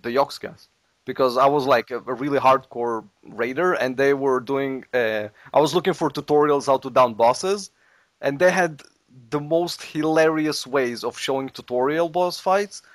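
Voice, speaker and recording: A man's voice: medium pitch, no echo. Podcast host guy rambling, laughs a lot, dry close sound. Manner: rambling, offhand, quick to laugh. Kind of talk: casual podcast chat.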